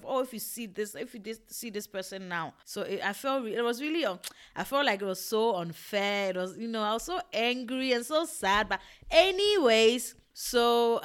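Expressive young woman with a Ghanaian accent. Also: mid-range voice. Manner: emotional, expressive, swings between hushed and loud. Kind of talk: personal storytelling.

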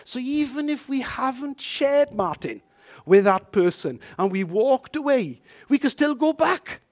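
A man preaching a sermon, telling a personal story with lively swings from hushed asides to loud, emphatic lines. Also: very high-pitched, a little slow.

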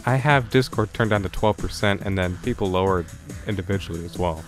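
A man's voice: deep voice, brisk, over music. A man hosting a casual podcast, rambling and joking crudely over a voice call on a headset mic. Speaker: podcast host. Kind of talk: casual chat.

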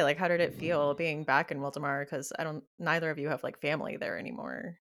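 A woman hosting a podcast, asking relaxed questions and reacting briefly in a casual interview. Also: low-pitched, quick pace. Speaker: podcast host.

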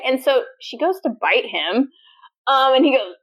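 A woman's voice: fairly high pitch, very animated, measured pace, a bit bright, low-quality recording. A woman co-hosting a podcast, chatting casually and animatedly retelling scenes with laughter. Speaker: podcast co-host. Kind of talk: casual chat.

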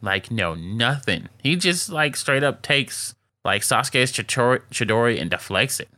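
A man's voice: mid-range voice, expressive, unhurried, sharp tone, no echo, clean studio sound. A man co-hosting a casual podcast, recapping anime episodes in slangy, laughing chat full of "like". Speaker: podcast co-host.

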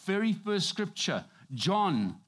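Male preacher, fairly high voice, emphatic conversational sermon delivery. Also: sing-song, slow, fairly bright tone.

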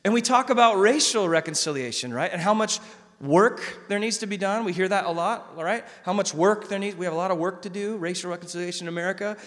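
A male pastor preaching a sermon in a conversational, animated way, often repeating words. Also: sits high, fast. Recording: long hall reverb.

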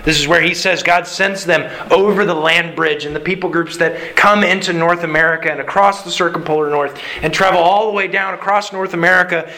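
A man preaching a sermon in a conversational, animated way, acting out quoted lines. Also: sits high, poor audio. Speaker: pastor.

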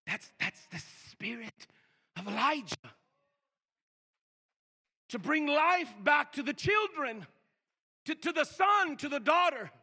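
An older man preaching a sermon, stammering and repeating words, swinging from loud emphasis to hushed slow lines. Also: very high voice, expressive. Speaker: pastor.

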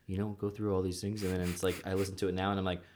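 A man's voice: low-pitched, level tone, racing, a little mellow, a little hiss or hum. A man hosting a podcast, telling long rambling stories in casual chat and acting out quotes. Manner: rambling storyteller, acts out quotes.

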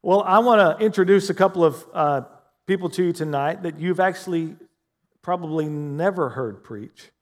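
A man's voice: sits high, normal speed. A man, a pastor preaching a sermon in a church, swinging from emphatic bursts to easy, chatty storytelling. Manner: preaches with rising, emphatic bursts, then chats easily. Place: church hall with a congregation.

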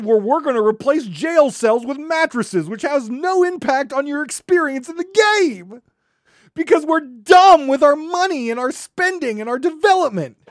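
A podcast host ranting angrily and sarcastically, swinging from shouting to muttering. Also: high voice, dry recording, clean studio sound. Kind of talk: solo gaming podcast rant.

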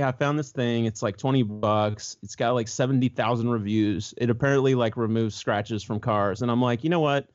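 Brief: male co-host, casual storyteller, animated, slips into quoted voices, slightly dull lo-fi sound. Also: mid-range voice. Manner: animated, jumps into voices when quoting others.

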